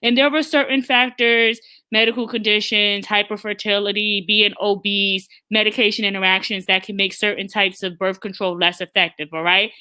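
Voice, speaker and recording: Woman, talk-stream host, emphatic, blunt, stammering restarts, sharp bright voice. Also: medium pitch, level tone, normal speed, hardly any pauses, smooth. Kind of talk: opinionated live-stream talk.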